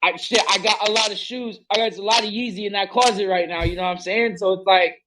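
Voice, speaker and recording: A young man riffs at length on a casual podcast, stacking slang and cursing as he circles his point. His voice sits a little high. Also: steady tone, fast, sharp tone, rough recording. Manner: rambling, emphatic, heavy slang and profanity. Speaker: podcast host. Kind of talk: casual chat.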